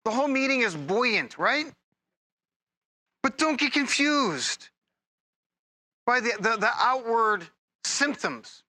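A man preaching a sermon as a pastor, conversational and humorous, with energetic bursts of emphasis. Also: very high voice, takes it slowly, pauses often.

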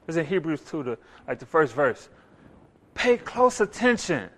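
A man preaching a sermon, animated, acting out voices and rising loud for emphasis. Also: a little high, a little slow.

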